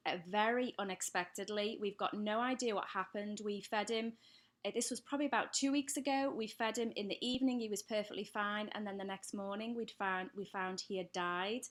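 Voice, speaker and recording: A woman with an English accent hosting a live stream, chatting as she reads out viewer comments and answers them. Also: mid-range voice. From England. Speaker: pet channel host. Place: home, lit by daylight.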